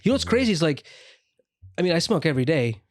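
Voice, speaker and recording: A man's voice: a little high, very animated, fast talker, dry recording, clean studio sound. A man chatting casually on a podcast, loose and profane, laughing often.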